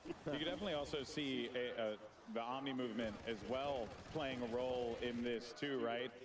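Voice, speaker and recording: A man's voice: medium pitch, brisk. A man interviewing developers on a live showcase, asking curious, enthusiastic questions. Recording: crowd noise behind the voice.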